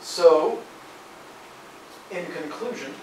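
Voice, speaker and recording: A man's voice: on the high side, lively intonation, drawn-out words, a little mellow, slight background noise. A young man giving a casual class presentation, with frequent fillers and restarts. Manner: informal, many fillers. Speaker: student presenter. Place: lecture room. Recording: echoey lecture hall, distant mic.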